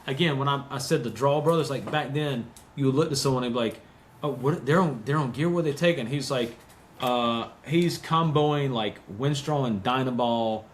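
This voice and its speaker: Male podcast co-host, casual storyteller, mid pitch, faint hiss behind. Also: normal speed. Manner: animated, acts out quotes, laughs often.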